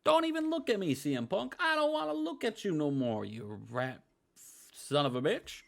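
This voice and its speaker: A man's voice: high-pitched, sing-song, moderate pace, gravelly, fairly bright tone, pitched above the performer's own voice, exaggerated voice. A man impersonating an older male wrestling manager who rants and swears at his roster. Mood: furious ranting. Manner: profane, blustering tirade.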